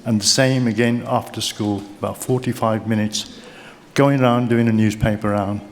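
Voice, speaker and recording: An older man with a Brummie accent gives a keynote in a large awards hall, chatting through anecdotes and joking with the audience. His voice is lowish with fairly even intonation and a moderate pace. The recording carries a long hall reverb and a slight hiss or hum.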